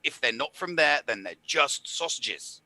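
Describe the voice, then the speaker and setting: A man's voice: on the high side, lively intonation, a little slow, sharp tone, no room sound. A man on a live game panel, chatting casually and pressing his points with a repeated "you know".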